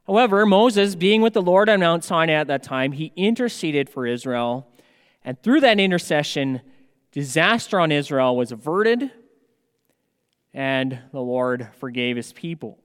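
Man, pastor, sermon, slow measured delivery, fairly high voice, long hall reverb. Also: smooth. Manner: slow, measured preaching with emphatic rises.

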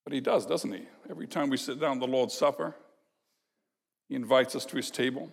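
A man preaching an expository sermon as a pastor, teaching in an emphatic, measured way and posing rhetorical questions to the congregation. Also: mid-range voice, creaky, husky. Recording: long reverb of a large hall.

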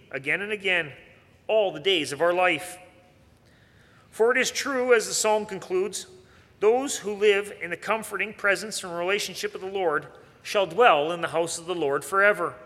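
High, bright-voiced preacher in a reverberant hall. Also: male voice. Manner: earnest preaching with rhetorical questions. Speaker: pastor. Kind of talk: sermon.

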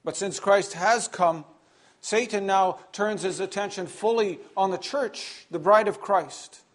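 Male preacher, fairly high voice, earnest and emphatic sermon delivery with pauses.

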